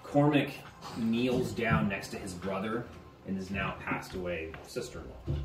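A man narrating a tabletop game as game master, halting now and then and repeating words. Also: deep voice. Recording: roomy, distant mic, faint music.

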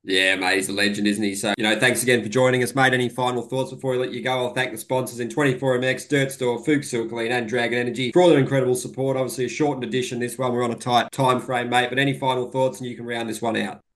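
A man's voice: medium pitch, steady tone, fast talker, hardly any pauses, a bit bright. A man hosting a casual podcast interview, friendly and peppering his questions with "mate". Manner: friendly, keeps adding "mate". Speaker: podcast host.

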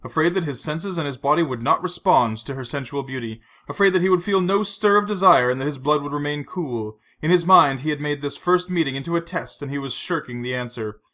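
A male narrator reads a novel aloud in a measured, steady manner. His voice is bright and forward, with a slightly tense edge. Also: on the high side. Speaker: audiobook narrator. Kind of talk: scripted narration.

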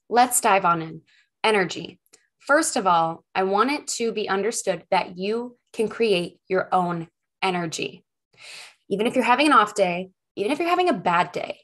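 Upbeat, expressive woman podcast host. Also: mid-range voice. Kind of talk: solo podcast talk. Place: home.

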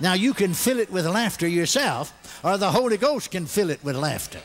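An older preacher, his voice sitting high for a man. He tells his stories with animated energy and breaks into loud, put-on bursts of laughter. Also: normal speed, hardly any pauses, slight background noise. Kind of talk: sermon.

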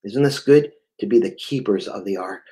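A man's voice: on the low side, normal speed, dark tone, rough recording. A man with a New England accent preaching a fervent sermon, often stammering and repeating words.

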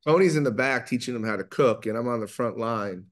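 A middle-aged man with a New York accent, talking fast and loud as he tells animated stories in an interview. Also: medium pitch. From New York area. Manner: fast, loud, animated storyteller who acts out quotes. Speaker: guest, pizza maker. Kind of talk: storytelling in an interview.

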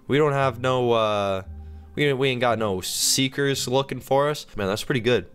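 A man's voice: normal speed, clear, resonant tone. A man in his twenties gives playful gameplay commentary, sick and yawning, his voice jumping up when he gets alarmed. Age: 20s. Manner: excitable, pitch jumps up when alarmed. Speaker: gaming video host.

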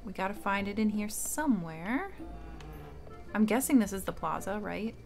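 Woman streamer, casual and chatty, mid pitch, soft game music underneath. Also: expressive, normal speed, creaky. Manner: thinking aloud, chatty with hesitations. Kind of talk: casual let's-play commentary. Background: faint game music.

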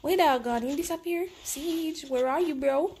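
A woman with a Jamaican accent commenting live on her game, excitable and teasing her opponent. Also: high voice, normal speed, slight background noise. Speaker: game streamer.

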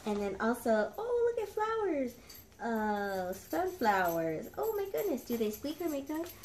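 A young woman casually chatting as she unboxes a dog subscription box, excitable and gushing, stopping to talk to her dogs. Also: on the high side, unhurried, slight background noise. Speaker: dog channel vlogger.

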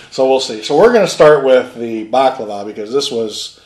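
A man hosting a casual snack taste test, chatty and relaxed, often laughing between bites. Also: mid-range voice, normal speed. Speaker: snack reviewer host. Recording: echoey room.

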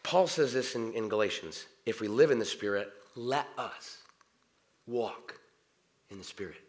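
A middle-aged man preaching a sermon in a church. His talk is conversational, and he swings between quiet prayer and animated outbursts. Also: fairly low pitch, unhurried. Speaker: pastor. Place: church sanctuary.

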